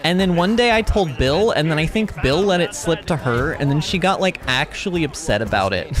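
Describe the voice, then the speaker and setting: A man hosting a gaming livestream, chatting in a rambling, animated way, reading chat and laughing often. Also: a little high, normal speed. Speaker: livestream host. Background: game music.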